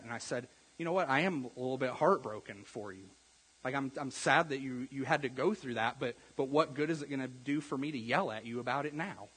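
A man preaching a sermon as a pastor, earnest, getting louder on key points and then dropping soft. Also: mid-range voice, a little fast, slightly rough. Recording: long echo of a large hall.

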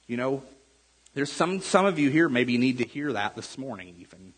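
Male pastor, chatty sermon delivery, husky voice, long church-hall reverb. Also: mid-range voice, big pitch swings, normal speed. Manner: conversational, repeats words, asks the room "right?". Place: church sanctuary.

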